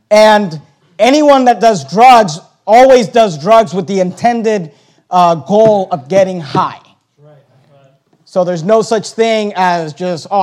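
A man, a pastor, preaching a forceful sermon in his church, repeating phrases for emphasis. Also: high voice. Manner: forceful preaching with repetition, chuckles at himself.

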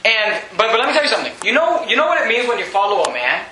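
Male preacher, high and bright, animated and mocking, roomy echo, faint hiss. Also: racing. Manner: animated, mocking, laughs often while preaching. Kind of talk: sermon.

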